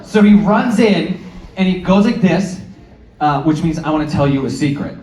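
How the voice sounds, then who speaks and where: A man in his thirties doing a stand-up comedy set, sarcastic with deadpan asides and sudden acted-out voices. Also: a little high, normal speed, slight background noise. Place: comedy club stage, from far off. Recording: roomy club sound, distant mic, crowd laughter.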